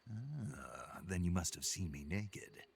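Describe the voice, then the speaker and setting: Gravelly terse soldier spy. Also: male voice, low-pitched, big pitch swings, slow, full character voice. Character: gruff male soldier spy, terse and dry. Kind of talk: video game dialogue.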